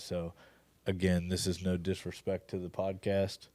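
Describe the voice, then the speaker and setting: A man hosting a podcast, talking in a halting way with many fillers and restarts. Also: low-pitched, monotone, mellow. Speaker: podcast host. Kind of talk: casual podcast chat.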